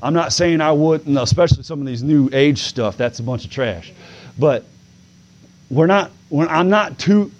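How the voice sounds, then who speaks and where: A man's voice: fairly high pitch, moderate pace. Preacher man with a dull lo-fi sound. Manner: building from conversational to loud, stretched-out preaching. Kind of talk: sermon.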